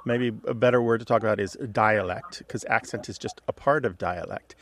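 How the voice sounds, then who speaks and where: A man co-hosting a radio call-in show, explaining language questions in a lively, chatty way. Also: on the low side, fairly quick, a little hiss or hum. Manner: explanatory, lively, chuckles often. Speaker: co-host answering language questions.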